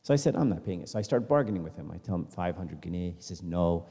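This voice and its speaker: A man's voice: low-pitched, animated, fast talker, mellow, slightly rough. A man giving a casual slideshow talk at a church meeting, telling stories with quoted dialogue. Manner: chatty storytelling with quoted dialogue. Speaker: church speaker. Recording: long hall reverb.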